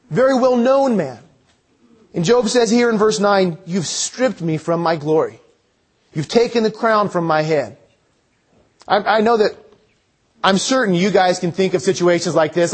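A man delivers a sermon in a high, light voice. He reads scripture aloud, then explains it earnestly, pausing to ask his listeners direct questions. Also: breathy edge. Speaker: pastor.

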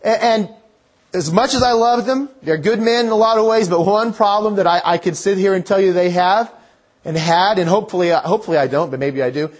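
A man's voice: high-pitched, fairly quick. A man preaching a sermon in an earnest, conversational way, quoting scripture and telling stories.

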